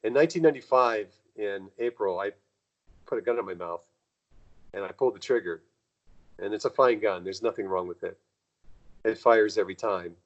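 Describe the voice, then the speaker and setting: Guest, male, low voice, rambling storyteller who acts out dialogue, dull lo-fi call audio. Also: a little fast, long pauses. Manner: rambling, acts out quoted dialogue with jumps in pitch. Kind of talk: casual conversational storytelling.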